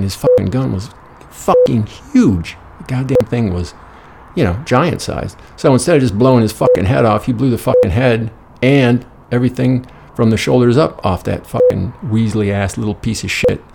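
A man's voice: fairly low pitch, gravelly, noisy background. A man narrating a crude, profane comic fairy tale with a rambling delivery. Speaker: storyteller.

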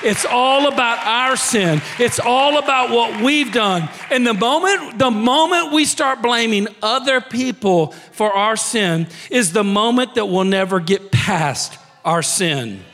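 A man preaching a sermon as pastor, dropping to soft near-whispers and building to shouted emphasis. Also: extremely high pitch, lively intonation, unhurried, few pauses. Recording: long hall reverb.

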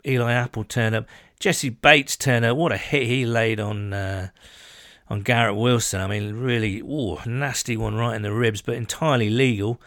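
A man's voice: medium pitch, fairly bright tone, no room sound, clean studio sound. A man co-hosting a casual sports podcast, chatty and enthusiastic with self-deprecating asides. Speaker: podcast co-host.

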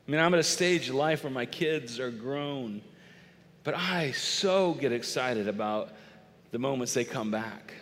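A middle-aged man preaching a sermon in a lively, conversational way, acting out little bits of dialogue. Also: mid-range voice, measured pace. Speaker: pastor. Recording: long reverb of a large hall.

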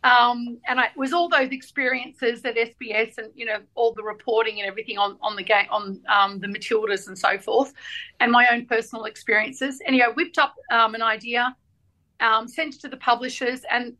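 A middle-aged Australian woman, a guest author, telling stories in a lively way and acting out the voices in her anecdotes. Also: on the high side, brisk, rough recording. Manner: animated storyteller, acts out voices in anecdotes. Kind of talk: casual chat.

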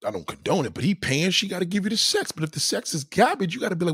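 A man's voice: sits high, sing-song, quick pace, hardly any pauses, fairly bright tone, breathy edge, no echo, clean studio sound. A man giving a blunt, profane opinion rant in a casual way, breaking off now and then to act out other people. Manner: acts out quoted people in varied voices.

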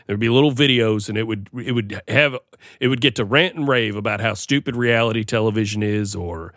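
Bright-voiced rambling male podcast co-host. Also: on the low side, brisk, no echo, studio quality. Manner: rambling, playful, self-deprecating. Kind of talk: casual comedic chat.

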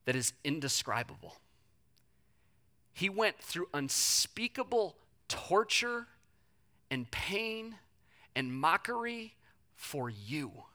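Preacher, sermon, bright voice, dramatic delivery, talks straight to the listeners. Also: medium pitch. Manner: dramatic, swings from loud emphasis to soft and slow; addresses listeners directly.

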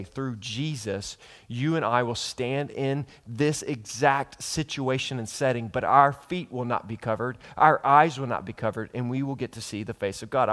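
Male pastor, mid-range voice, emphatic sermon delivery with repeated words and direct questions. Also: mid-range voice.

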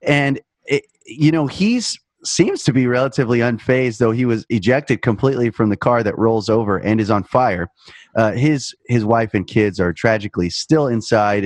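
A man's voice: fairly low pitch, no echo. A man in his thirties hosting a podcast, reviewing a movie in a wry, joking tone, with fillers. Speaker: podcast host. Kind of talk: casual movie review chat.

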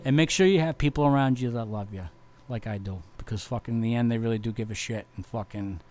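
A young man, a touring metal bass player rambling heartfelt thanks with lots of swearing and fillers. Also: fast, a little mellow, faint music behind. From Massachusetts. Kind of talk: casual vlog thank-you message.

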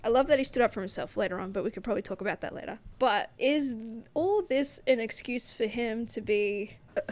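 A woman co-hosts a casual book podcast, reviewing a novel with plenty of fillers and the odd swear word. Her voice sits a little high. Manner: rambling, lots of fillers and swearing. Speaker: podcast co-host.

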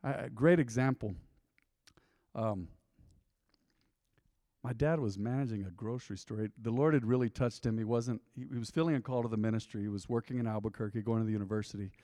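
A man's voice: medium pitch, fairly quick, mellow, no echo, clean studio sound, in a large hall. A man preaching a sermon to a congregation in a folksy, conversational way, often slipping into quoted asides. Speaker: pastor. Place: church sanctuary.

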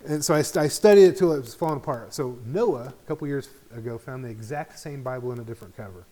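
A man's voice: mid-range voice, quick pace, dark tone. A middle-aged man teaching an informal Bible study in a conversational way, often checking in with the group.

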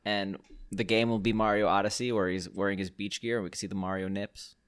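A man co-hosting a podcast, joking and quick to laugh in casual banter over a call. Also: fairly low pitch, little pitch movement. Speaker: podcast co-host. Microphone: remote call.

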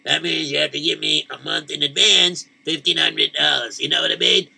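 A man's voice: fairly high pitch, fairly even intonation, fairly quick, vocal fry, sharp tone, heavily acted. A man voicing a pushy, blustering landlord. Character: pushy middle-aged male landlord.

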